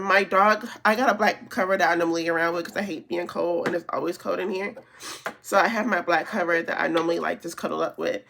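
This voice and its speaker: A woman's voice: fairly low pitch, gravelly, fairly bright tone. A woman chatting casually while doing her makeup, telling a long story with lots of fillers and restarts. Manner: rambling storytelling with many fillers. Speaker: beauty vlogger. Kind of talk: casual get-ready-with-me chat.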